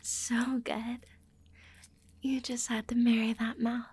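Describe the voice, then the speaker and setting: A young woman in a whispered role-play, speaking in an intimate, teasing, affectionate breathy whisper. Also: fairly high pitch, flat delivery, slow, darkish tone. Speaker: audio role-play performer.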